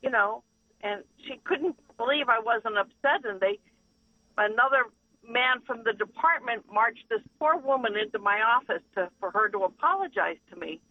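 A woman's voice: fairly high pitch, normal speed, no room sound. Woman caller on a muffled phone line. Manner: earnest, animated retelling. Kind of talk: phone call-in storytelling.

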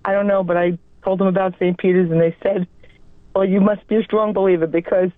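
A woman's voice: medium pitch, flat delivery, brisk, no room sound. A woman with a New York accent calling in to a radio show, telling a personal story in an earnest, rambling way. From New York area. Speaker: caller. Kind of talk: phone-in testimony. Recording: tinny phone line.

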